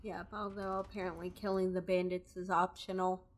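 A woman chatting casually while co-commentating a video game, soft-spoken and easygoing. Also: fairly low pitch, level tone, moderate pace.

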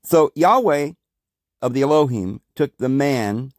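A man hosting a podcast, reading scripture aloud and commenting on it with animated rhetorical questions. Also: mid-range voice, measured pace, dry recording, clean studio sound. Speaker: podcast host.

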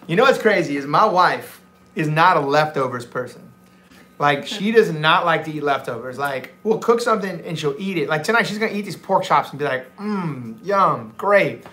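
A man's voice: a little high, expressive, brisk, pushed and bright. A man from Louisiana with a blended Cajun and New Orleans accent, chatting casually and rambling as he hosts a live cooking stream. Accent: Louisiana Cajun, mixed with New Orleans. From Louisiana, USA. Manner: rambling, chatty, many restarts and fillers. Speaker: cooking livestream host. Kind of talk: casual chat on a livestream.

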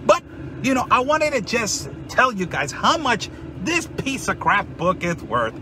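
A man in a sarcastic vlog monologue, mocking and loudly mock-excited. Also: very high voice, unhurried, noisy background. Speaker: vlogger.

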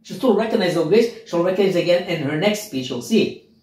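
Man, Bible teacher, expository sermon, emphatic, rhetorical questions, lively pitch, echoey room. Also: fast talker. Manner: animated, emphatic, asks listeners rhetorical questions.

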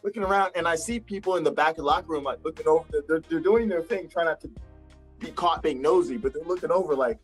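A man, a wrestler, telling stories in a casual interview over a video call, acting out quotes with big jumps in pitch. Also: fast, slightly rough, faint music behind. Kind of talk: casual storytelling.

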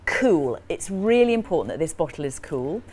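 A woman's voice: low voice, big pitch swings, normal speed, a little mellow. A woman co-hosting a wine tasting in a shop, chatty and enthusiastic, laughing easily. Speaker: wine expert co-host. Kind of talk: casual demo chat.

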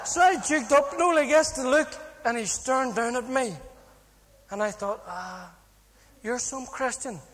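A man with a Northern Irish accent giving a personal testimony, telling his story in an animated, humorous way and acting out the dialogue. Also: extremely high pitch, normal speed. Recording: long hall reverb.

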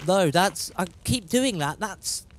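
Slow-talking jokey man. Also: high-pitched, animated, slight background noise. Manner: jokey, chatty, laughs often. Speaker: gaming streamer. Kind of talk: casual live gameplay commentary.

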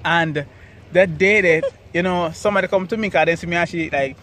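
A young Jamaican man casually telling the story of how he met his partner, animated and jumping high when he quotes himself. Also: brisk. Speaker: vlog co-host telling a couple's story.

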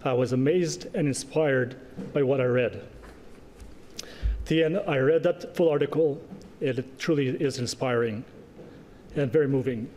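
A man's voice: medium pitch, darkish tone. Guy presenting an award at a gala, earnest, echoey banquet hall, bit of noise in the back. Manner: earnest, with pauses and asides. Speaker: award presenter, organization president.

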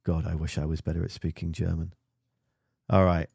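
A man's voice: low-pitched, flat delivery, normal speed, vocal fry, darkish tone, husky, no room sound, clean studio sound. A man reviewing music videos in casual screen-share commentary, rambling and poking fun at himself. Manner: rambling and self-mocking.

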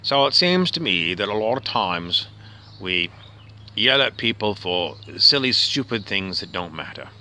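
A comedian performs a comic character monologue as a grumpy, rambling middle-aged outback husband, musing over his gripes, questioning himself, and sometimes dropping to a muttered whisper. His full character voice is fairly low, a little slow, pushed and bright, with big pitch swings.

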